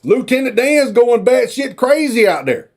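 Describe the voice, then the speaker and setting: A man's voice: extremely high pitch, big pitch swings, moderate pace. A man, retelling a movie plot as a rambling, folksy comic story. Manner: rambling, folksy, drawling asides.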